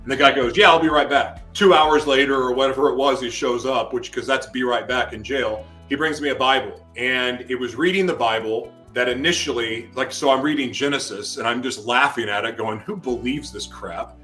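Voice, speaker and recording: A man as an interview guest, telling a personal testimony in an animated way and acting out his own shouted words. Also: medium pitch, fairly quick, few pauses, soft background music.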